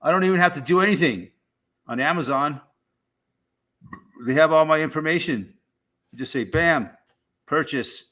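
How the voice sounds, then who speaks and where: A man's voice: a little high, normal speed, long pauses, fairly bright tone. A middle-aged man hosting a casual live stream, rambling and swearing in a laid-back way.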